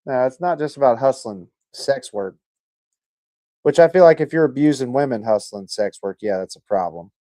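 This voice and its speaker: A man's voice: mid-range voice, lively intonation, normal speed, warm tone, dry recording. A man hosting a livestream, chatting casually and reading viewer comments, rambling, joking and swearing a lot. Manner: laid-back and rambling. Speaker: livestream host.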